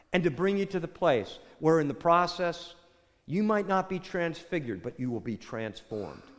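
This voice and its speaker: Animated older male preacher in a reverberant hall. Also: a little high. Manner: storytelling, swings between loud bursts and soft hushed lines. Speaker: pastor. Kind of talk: sermon.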